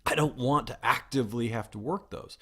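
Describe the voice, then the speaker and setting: A man's voice: mid-range voice, fairly quick, a bit bright, husky. Rambling man hosting a podcast talk. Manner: rambling, with frequent restarts and self-corrections. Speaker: podcast host. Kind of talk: solo explanatory podcast talk.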